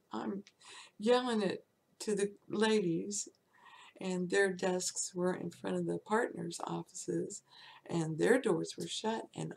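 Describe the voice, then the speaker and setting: A woman's voice: lowish voice, vocal fry, a little mellow, breathy edge. A woman in her sixties telling a frank story from her own life, laughing often as she goes. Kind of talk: casual personal storytelling.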